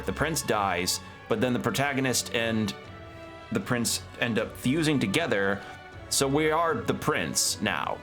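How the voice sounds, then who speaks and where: A man with a fairly low voice chats loosely over his gameplay stream, wandering through a recap with plenty of fillers. He talks around a toothpick in his mouth, and faint music sits under his voice. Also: fairly bright tone. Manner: rambling, chatty recap with fillers. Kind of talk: casual gameplay commentary.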